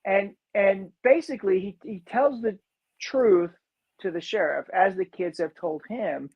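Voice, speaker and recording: A man's voice: sits high, a little slow, husky, lo-fi sound. A man casually recapping a movie on a podcast, rambling with lots of fillers and acting out characters' lines. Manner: rambling, many "you know" fillers, acts out lines. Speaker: podcast co-host.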